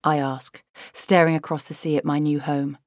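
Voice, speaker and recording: A woman narrates a novel in the first person, measured and expressive. Her voice sits low, and the studio sound is close and dry with no room at all. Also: no echo. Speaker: audiobook narrator. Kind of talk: scripted audiobook narration.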